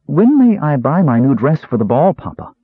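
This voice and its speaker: A man's voice: on the high side, sing-song, normal speed, slightly rough, no room sound, pitched above the performer's own voice. A man reading an audiobook, voicing a lord's eldest daughter, an eager teenage girl who pleads with her father. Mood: pleading. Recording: dry, tinny phone-like sound.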